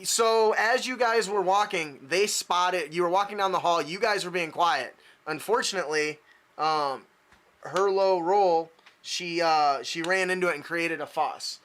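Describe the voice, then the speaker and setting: A man narrates and rules a tabletop game in a high, bright voice. He stumbles through fillers and restarts and laughs along with the players. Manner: halting, full of fillers and restarts, laughs often. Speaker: game master.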